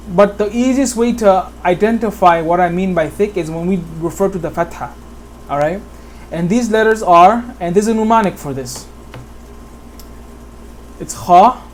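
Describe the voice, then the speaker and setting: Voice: medium pitch, a little mellow, a little hiss or hum. An American tutor giving a one-on-one tajweed lesson, patiently modelling Arabic sounds and checking understanding with a frequent "okay?". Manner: models Arabic sounds slowly, corrects self mid-sentence.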